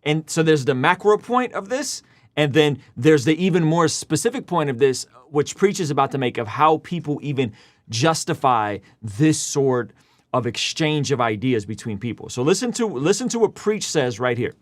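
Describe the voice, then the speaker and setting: A man's voice: on the high side, expressive, normal speed, no echo. A man hosting a commentary show, explaining a news story and reading Bible passages aloud. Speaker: host.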